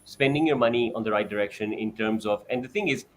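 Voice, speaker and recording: A man's voice: fast, slight background noise. A man on a video call explaining how parents can coach a child, animatedly acting out parent-child exchanges. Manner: acts out parent-child exchanges in a bright high voice. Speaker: parent sharing experience.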